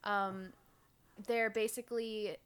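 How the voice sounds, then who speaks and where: A woman co-hosting a casual book podcast. She talks in an animated way, laughs often and acts out quotes. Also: medium pitch, slow, smooth. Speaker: podcast co-host.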